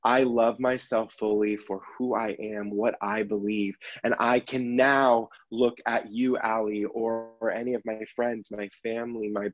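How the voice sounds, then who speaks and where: A man's voice: fairly low pitch, level tone, measured pace, hardly any pauses, highs cut off. A man working as a self-love coach, talking earnestly and reflectively in a podcast conversation, with many restarts.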